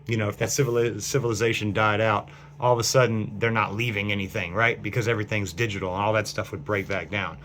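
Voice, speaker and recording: A man with a lowish voice talks into his phone in a loose, wandering monologue, trailing off and restarting his sentences often. A faint hum runs underneath the recording. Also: fairly even intonation, fast, hardly any pauses, a bit bright. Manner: meandering, full of fillers and restarts. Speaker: vlogger. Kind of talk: rambling speculative monologue.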